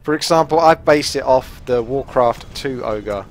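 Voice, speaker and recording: A man hosts his own gaming channel, offering chatty, self-mocking play-by-play as he plays live. His voice is mid-range and unhurried.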